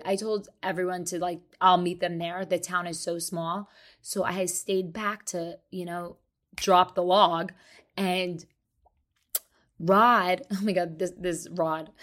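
A woman chatting on her podcast, swapping between gross-out anecdotes and frank talk with lively, unfiltered energy. She speaks in a mid-pitched voice, blunt and cheerfully profane, as if talking to friends. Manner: animated, blunt and profane, laughs at herself. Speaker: podcast host. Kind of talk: casual storytelling monologue. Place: hotel room.

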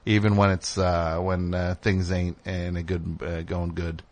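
A man hosting a call-in radio show, speaking candidly and rambling, breaking off his own sentences and jumping up in pitch when he gets worked up. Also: level tone, a little slow, hardly any pauses, a little mellow. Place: radio studio.

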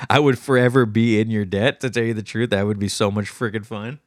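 A man's voice: fairly low pitch, fairly even intonation, moderate pace, dry recording. A man hosting his podcast alone, answering listener questions in a chatty, rambling way and laughing easily, close to the mic in a small studio. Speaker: podcast host. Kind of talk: casual solo Q&A chat. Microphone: close podcast microphone.

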